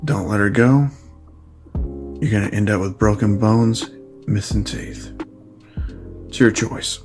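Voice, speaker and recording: A man's voice: lowish voice, slow pace, music in the background. A man voicing a young male vigilante hero who makes blunt, cold threats. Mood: menacing.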